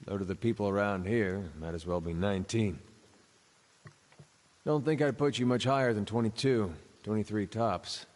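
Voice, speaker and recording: A big, smirking man, as an actor plays him in a fantasy game, talking dry and unhurried with a sardonic edge. His voice is fairly low, and a long reverb trails each phrase. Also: a little mellow, natural voice. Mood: wry. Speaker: game character.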